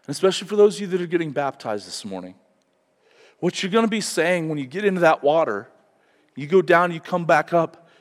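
A man preaching a Sunday sermon as pastor, earnest and conversational, often repeating words as he starts a sentence. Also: medium pitch. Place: church sanctuary. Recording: long hall reverb.

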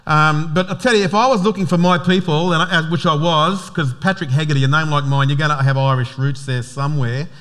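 A man's voice: a little high, steady tone, a little fast, hardly any pauses, fairly bright tone. A man with an Australian accent, a pastor giving a casual, joking sermon full of fillers and restarts.

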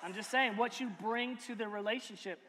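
Animated pastor co-host, man, lively storyteller, long reverb. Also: very high voice, fairly quick, a little hiss or hum. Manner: animated storyteller, loud mimicking bursts. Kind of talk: casual chat.

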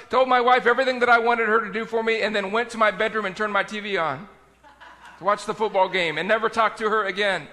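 Man, pastor preaching, bright tense voice, conversational, loud then soft. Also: high-pitched, big-room sound. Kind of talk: sermon.

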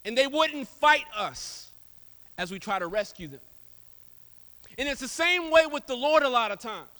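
Animated preacher in an echoing hall. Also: male voice, extremely high pitch, normal speed. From Houston, Texas. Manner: animated, swings from loud to soft. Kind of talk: sermon. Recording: long echo of a large hall.

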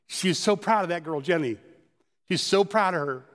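A pastor telling personal stories in a conversational sermon. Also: male voice, high voice, lively intonation, normal speed, long reverb tail. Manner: storytelling, conversational.

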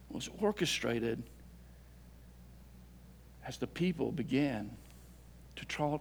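A man preaching a sermon as a pastor, swinging between loud emphatic lines and soft, low asides. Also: vocal fry, a little hiss or hum. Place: church sanctuary.

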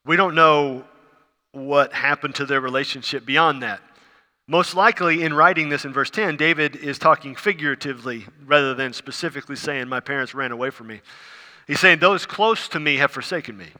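A pastor delivers his sermon in a bright, forceful, somewhat high voice. He repeats his phrases earnestly, dropping low and then rising loud. His voice carries a long reverb from the hall. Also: normal speed.

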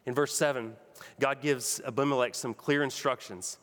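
A man's voice: medium pitch, steady tone, moderate pace, a bit bright, big-room sound. A man preaching a sermon with emphatic, rhythmic delivery. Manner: emphatic preaching, builds to repeated punchy phrases. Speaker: pastor.

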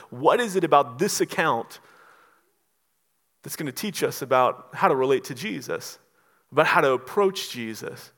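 A male pastor preaching a Sunday morning sermon, lively and acting out the voices he quotes. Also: fairly high pitch. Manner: animated, acts out the quoted voices.

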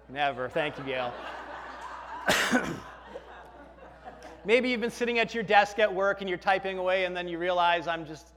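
High-voiced pastor preaching in a hall. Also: male voice, fairly bright tone. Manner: conversational, joking with the congregation. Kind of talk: sermon. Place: church sanctuary.

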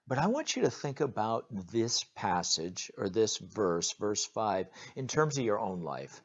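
A man with a fairly low voice preaches in an earnest, direct way, stopping on fillers and repeating words as he goes. The recording sounds dull and lo-fi, with its top end muffled. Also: sing-song, measured pace. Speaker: pastor. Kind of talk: sermon.

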